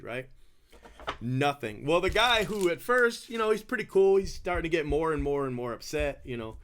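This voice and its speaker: A man's voice: a little high, animated, normal speed. A man casually telling a story during a card break, chatty, laughing often and saying "bro" and "you know" a lot.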